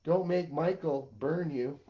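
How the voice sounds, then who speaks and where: Guy with a higher voice rambling intensely to camera, kinda dull muffled recording. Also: takes it slowly, a little hiss or hum. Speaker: video series host.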